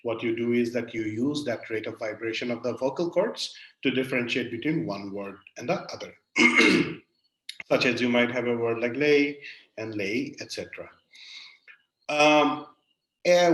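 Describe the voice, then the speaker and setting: A man giving an academic webinar lecture, explaining step by step with many pauses and fillers. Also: medium pitch. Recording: echoey room.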